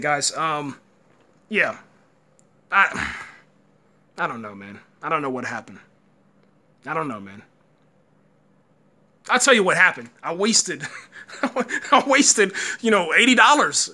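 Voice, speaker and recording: A man's voice: on the high side, pushed and bright. A man giving a live, rambling reaction rant, frustrated and full of fillers like "man". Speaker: boxing commentator host.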